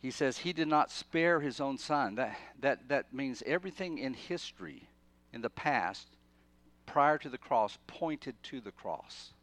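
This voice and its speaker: A man's voice: mid-range voice, lively intonation, a little slow, dry recording. Emphatic man preaching a sermon. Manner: emphatic, repeats and restarts phrases, swings from loud urgency to quiet.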